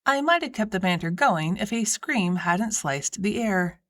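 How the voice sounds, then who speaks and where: A woman reading a first-person story as an audiobook narrator, with a wry, lively delivery. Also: mid-range voice, measured pace.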